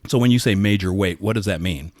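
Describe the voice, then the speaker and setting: A man's voice: low-pitched, fast, a little mellow, dry recording, clean studio sound. A man co-hosting a casual podcast, asking curious follow-up questions with a joking streak. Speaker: podcast co-host.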